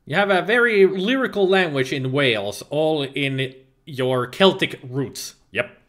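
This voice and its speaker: A man's voice: on the high side, expressive, a little slow, fairly bright tone. A man from Finland, hosting a livestream and chatting casually as he reads the live chat, laughing often and restarting words. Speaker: livestream host.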